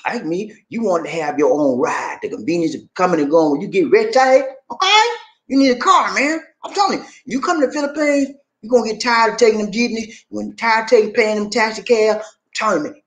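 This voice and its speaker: A man from the USA giving casual, joking advice as a vlogger, full of streetwise slang and quick laughs. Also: sits high, big pitch swings, a bit bright.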